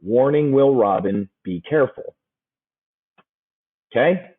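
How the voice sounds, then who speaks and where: Man, options trading coach, husky voice, brash and jokey, casual webinar talk, tinny phone-like audio. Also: mid-range voice, lively intonation, takes it slowly. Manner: brash, joking, calls listeners "man".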